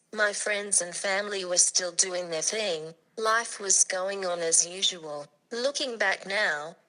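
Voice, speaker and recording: Bright, robotic synthetic woman's voice. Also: mid-range voice, rough recording. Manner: steady, evenly read delivery. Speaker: blogger. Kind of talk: scripted narration through a speech device.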